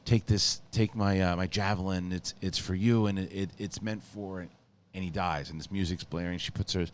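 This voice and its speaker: A man hosting a movie review show, giving an excited, rambling spoiler review with lots of swearing and restarted sentences. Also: sits low, moderate pace, slight background noise.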